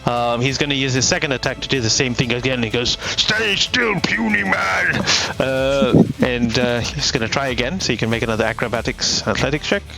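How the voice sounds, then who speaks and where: A game master narrating a tabletop game in a laid-back way, laughing often and filling pauses with "uh" and "um.". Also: medium pitch, fairly even intonation, rough recording. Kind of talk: running a tabletop game online with friends.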